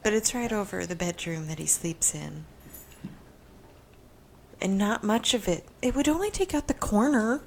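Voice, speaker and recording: A woman's voice: mid-range voice, lively intonation, normal speed, gravelly, long pauses, darkish tone. A woman co-hosting a podcast in casual chat, swearing and laughing often. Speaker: podcast co-host.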